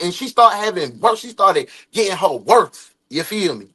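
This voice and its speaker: High-pitched, animated male streamer. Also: normal speed, husky. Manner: animated, laughing, slips into voices of people in the story. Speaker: streamer reacting to a video. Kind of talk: casual reaction commentary.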